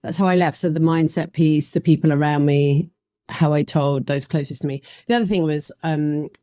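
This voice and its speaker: A woman, a podcast guest telling her career story in an animated way, acting out what people said. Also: low voice, normal speed, no room sound, clean studio sound. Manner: animated, acts out quoted voices. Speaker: guest, facilitation trainer. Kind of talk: conversational storytelling.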